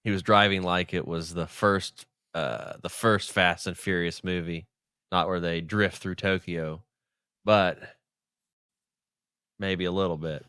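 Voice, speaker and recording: Deep-voiced dude cohosting a podcast, talks slow, dry close mic, crude laid-back jokes. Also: male voice, fairly even intonation, bright, forceful tone, smooth, no echo. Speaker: podcast co-host. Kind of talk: casual storytelling chat.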